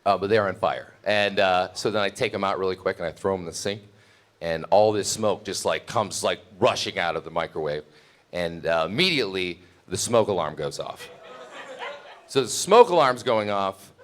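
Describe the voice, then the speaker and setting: A young man tells a comic story aloud, rambling and mocking himself, often laughing mid-sentence. His voice sits a little low. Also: expressive, moderate pace, a bit bright. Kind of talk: live comedic storytelling.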